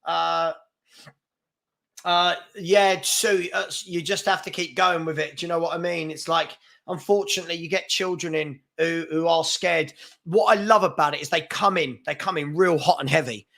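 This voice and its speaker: A man's voice: a little high, fairly even intonation, moderate pace, creaky, fairly bright tone. A man hosting a live fan chat show, chatty and brash as he reads comments and takes on trolls. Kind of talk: casual live-stream chat reading comments.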